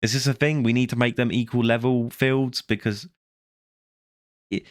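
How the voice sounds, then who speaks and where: A man's voice: mid-range voice, fairly even intonation, normal speed, no room sound, clean studio sound. Tired man ranting. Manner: rambling, self-correcting, sarcastic. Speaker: vlogger. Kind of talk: rambling rant review.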